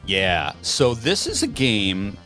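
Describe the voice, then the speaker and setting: A man with a fairly low voice who hosts a casual podcast chat. He talks in a wry, rambling way, stopping on ums and restarts as he explains things, with faint music somewhere behind him. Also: huge pitch swings, slow, fairly bright tone. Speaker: podcast host.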